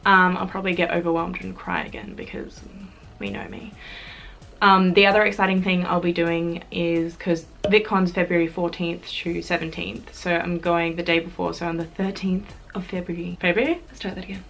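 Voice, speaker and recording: A woman's voice: fairly low pitch, moderate pace, creaky, a bit bright. A young Australian woman chatting casually to camera in a vlog, bubbly and chatty with fillers and giggles. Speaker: YouTuber.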